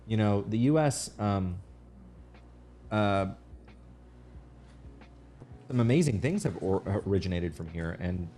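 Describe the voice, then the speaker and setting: A man's voice: on the low side, expressive, takes it slowly, pauses often, warm tone, a little hiss or hum. A man hosting an art livestream, chatting in a rambling way, restarting his sentences and thanking viewers. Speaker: livestream artist host. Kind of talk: casual livestream chat.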